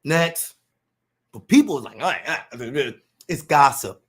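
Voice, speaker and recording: A man's voice: a little high, unhurried, breathy edge. A man in a casual monologue rant, full of profane street slang, acting out what people say. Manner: animated, profane street slang, acts out quotes.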